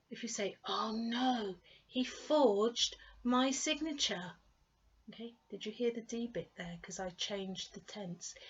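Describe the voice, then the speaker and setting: A woman tutor takes her time over each word and spells out its ending with care. She speaks at an unhurried pace. Her voice comes through a dull, lo-fi recording. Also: mid-range voice, far from the mic. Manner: slow, careful enunciation of word endings. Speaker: English tutor. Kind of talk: online English lesson.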